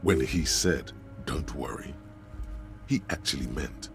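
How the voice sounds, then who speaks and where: A man's voice: extremely low pitch, expressive, slow, vocal fry, music in the background, full character voice. An actor voicing the male inner voice of a detective's mind as game narration, ominous and taunting.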